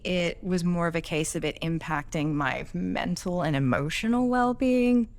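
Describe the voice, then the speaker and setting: An earnest woman talks through a past job on a podcast, calm and reflective. Her voice sits a little low for a woman, and she speaks in an easy, conversational way. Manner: earnest, reflective, quotes others in acted tones. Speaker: podcast guest, employee.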